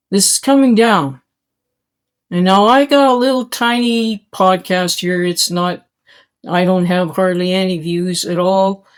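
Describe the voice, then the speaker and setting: This Canadian podcast host delivers an impassioned monologue in a medium-pitched voice. She talks slowly and deliberately, stressing each point urgently and speaking emphatically straight to her listeners, almost pleading with them to take action.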